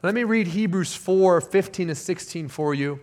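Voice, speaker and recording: A man's voice: high-pitched, moderate pace, darkish tone. A man preaching a sermon as pastor, earnest and emphatic, often repeating key phrases for weight.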